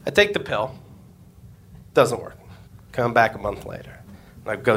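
A man's voice: mid-range voice, big pitch swings, unhurried, pauses often, a bit bright, breathy edge. A man, a comedian and podcast host, telling a crude story on stage before a live audience and acting out the voices he quotes.

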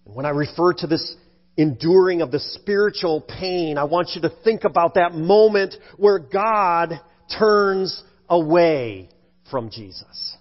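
A male pastor preaching a sermon in a church sanctuary. He swings between emphatic, raised delivery and hushed passages, in a dull recording with long church reverb. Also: on the high side, lively intonation, unhurried.

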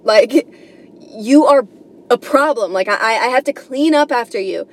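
A young New York woman hosts a comedy podcast, delivering a casual, rambling monologue full of swearing and plenty of "like" and "you know." Her pitch is fairly high and her pace a little slow.

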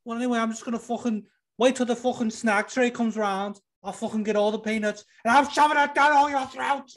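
A man putting on a loud, crude fighter. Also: steady tone, brisk. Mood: gleeful. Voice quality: high, shouty, profane. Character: brash young male cage fighter, loud and crude.

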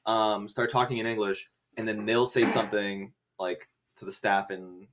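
A young man co-hosting a podcast, chatty and quick, often restarting. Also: on the low side, little pitch movement, background noise. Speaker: podcast co-host. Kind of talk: casual chat.

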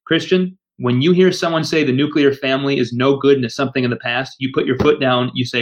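A man's voice: medium pitch, fairly even intonation, quick pace, hardly any pauses, dull audio. A man co-hosting a podcast, talking in an earnest, firm and emphatic way. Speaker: podcast co-host. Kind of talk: casual discussion.

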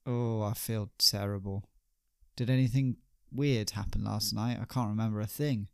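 A man voicing a drunk, lovesick male playwright who is desperate and self-pitying, pleading in whiny high cries. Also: fairly even intonation, moderate pace, creaky, smooth, dry recording, studio quality. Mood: groggy.

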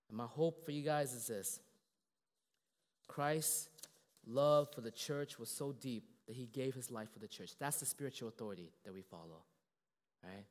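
A man's voice: mid-range voice, moderate pace. Man preaching casually in a reverberant church. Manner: casual, animated preaching with many fillers and self-deprecating jokes. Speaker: pastor. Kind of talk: sermon.

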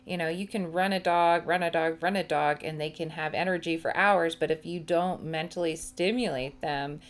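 Casting: low-pitched woman, relaxed and hesitant, podcast chat. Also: normal speed. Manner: relaxed, many ums and hesitations. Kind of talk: casual chat.

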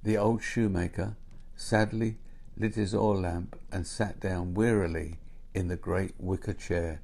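A man gently reading a storybook aloud in an unhurried way. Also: deep voice, steady tone, gravelly. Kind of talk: storybook narration.

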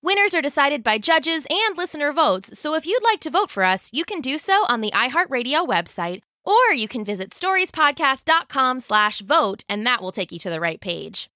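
A woman's voice: sits high, big pitch swings, normal speed, few pauses, sharp tone, no echo. A woman hosting a kids' story podcast, reading a scripted intro in a cheerful, upbeat way on a close studio mic. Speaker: podcast host.

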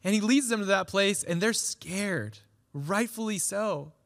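A man's voice: sits high, animated, measured pace, vocal fry, a bit bright. A pastor in his thirties giving a conversational sermon, acting out little quoted voices as he goes.

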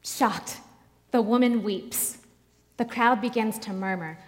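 A woman preacher delivering a sermon, telling a story slowly and dramatically with pauses. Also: on the high side, long reverb tail.

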